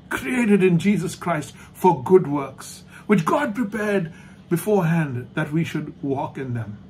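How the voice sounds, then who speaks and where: Emphatic high-voiced male preacher. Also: a little hiss or hum. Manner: emphatic, repeats key phrases, slows down for stress; drops to a soft hush at the ends of points. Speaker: pastor. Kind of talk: sermon. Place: online church service.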